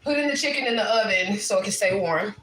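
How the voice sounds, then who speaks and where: Loud, profane mother in an echoey kitchen. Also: mid-range voice, quick pace. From Midwest US, St. Louis area. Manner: loud, profane, laughing banter. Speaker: livestream host cooking with her daughter. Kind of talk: casual livestream chat while cooking. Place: home kitchen. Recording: echoey kitchen, faint noise.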